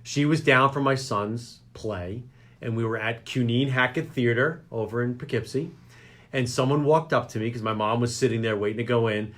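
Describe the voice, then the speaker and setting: A man's voice: mid-range voice, fairly even intonation, moderate pace, fairly bright tone. A man hosting a local radio talk show, joking and rambling. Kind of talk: casual chat show banter.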